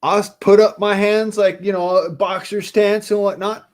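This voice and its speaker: A man's voice: high voice, flat delivery, moderate pace. Cussing man telling a rambling story. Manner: profane, rambling storytelling with frequent cursing. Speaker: storyteller in a casual chat. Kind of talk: casual chat.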